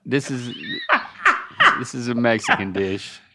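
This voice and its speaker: A man's voice: mid-range voice, measured pace, very noisy. A man hosting a casual podcast, playfully quizzing and coaching his father on pronunciation. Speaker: podcast host.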